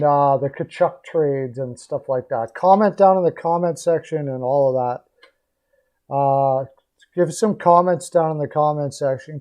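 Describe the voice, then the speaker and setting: A man hosting a casual live stream, talking in a relaxed, rambling way with fillers, and losing his voice. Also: fairly high pitch.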